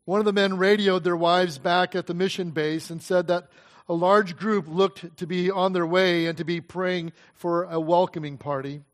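A preacher with a notably high voice recounts a story from the pulpit. He speaks earnestly and dramatically, letting pauses hang for effect. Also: steady tone. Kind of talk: sermon storytelling.

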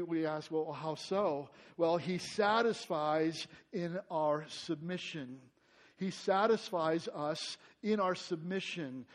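A man preaching a sermon as pastor. He gets louder and higher when stressing a point, then drops to a soft, quiet tone in prayer.

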